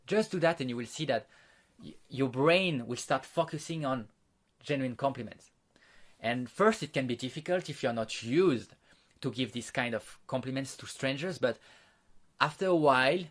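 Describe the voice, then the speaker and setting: A man's voice: mid-range voice, fairly bright tone. A man teaching social skills, explaining step by step and acting out sample lines, with slightly non-native phrasing. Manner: plain, repetitive, demonstrates lines in quotes. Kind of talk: instructional talk to camera.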